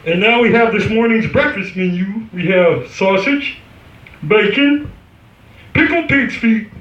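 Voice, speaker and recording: A man voicing a chirpy male frog puppet news reporter in a high, bouncy puppet voice. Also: animated, unhurried, fairly bright tone, highs cut off. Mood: chipper. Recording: echoey bar from far off.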